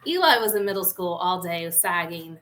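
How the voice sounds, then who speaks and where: A woman's voice: fairly low pitch, expressive, moderate pace, fairly bright tone. A woman co-hosting a podcast, telling frank, playful stories in a casual chat. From small town in the United States. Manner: chatty storytelling, playful and frank. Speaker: podcast co-host.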